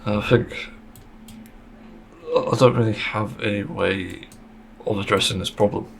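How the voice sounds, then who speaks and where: Gravelly low-voiced man talking bluntly. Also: steady tone, unhurried, a little hiss or hum. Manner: blunt and sweary, with a frank complaining tone; sarcastic at times. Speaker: podcast host. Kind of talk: casual solo podcast monologue.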